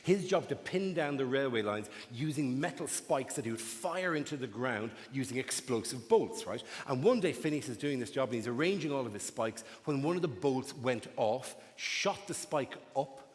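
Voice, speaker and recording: A man from Ireland doing a stand-up comedy routine, storytelling in an animated way and acting out voices. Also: medium pitch, moderate pace, hardly any pauses. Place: large theatre stage. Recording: echoey live venue with audience noise.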